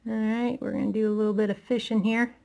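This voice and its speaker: A woman's voice: fairly high pitch, level tone, fast talker, gravelly, a little mellow, slight background noise. A woman chatting casually through a craft tutorial, talking to herself as she works, self-deprecating and a little out of breath.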